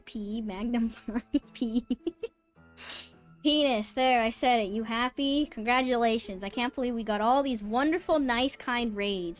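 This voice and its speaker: Woman, live streamer, casual chat, bubbly, high voice, faint music behind. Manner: bubbly, squeals with excitement, then mutters softly.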